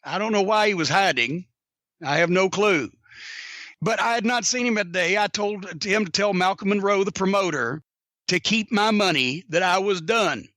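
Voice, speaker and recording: A man's voice: high-pitched, moderate pace, pushed and bright, no room sound. A middle-aged man telling a heated, profanity-filled story on a podcast. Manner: heated, cursing constantly, Southern drawl. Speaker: podcast host.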